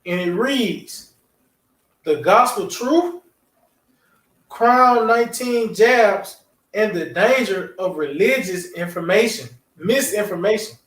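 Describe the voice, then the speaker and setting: A man reads passages aloud with slow, careful pacing and a high voice. He is far from the mic in an echoey room. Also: lively intonation, fairly bright tone. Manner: reads slowly and deliberately. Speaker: scripture reader in a lesson.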